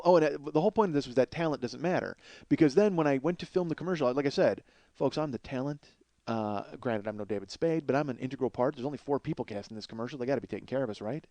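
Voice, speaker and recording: Excitable, foul-mouthed male comedian. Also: on the high side, no room sound. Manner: profane, excitable, laughs through the story. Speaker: comedian and podcast host. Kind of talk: comic storytelling monologue.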